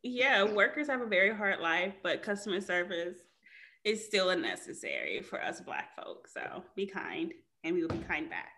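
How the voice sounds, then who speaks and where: A woman's voice: medium pitch, moderate pace. A woman in casual chat as a podcast co-host, swearing freely, laughing often and telling stories with emphasis. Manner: storytelling, lively and emphatic.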